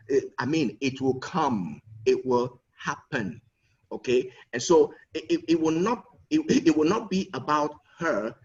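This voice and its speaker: An earnest man speaks as a guest speaker at a conference, his voice at an average pitch. He often circles back over his words while building a point. The sound is muffled and picked up from a distance over an online call. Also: darkish tone. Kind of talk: conference talk.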